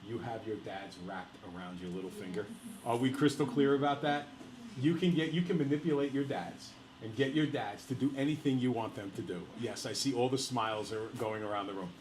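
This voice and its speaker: A male teacher telling a personal story to his class in a lively, laughing way, speaking to the students directly. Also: mid-range voice, a little fast, echoey room, a little hiss or hum, poor audio.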